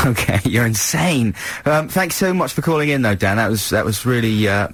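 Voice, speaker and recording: Co-host, husky tone, animated, wry and chatty. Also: male voice, mid-range voice, normal speed, no room sound. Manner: chatty, laughing, wry asides. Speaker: radio host. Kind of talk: casual radio banter.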